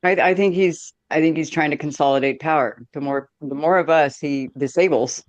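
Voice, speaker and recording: A woman giving her sharp, sarcastic take as a guest on a livestream. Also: low voice, normal speed, no echo. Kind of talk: casual commentary.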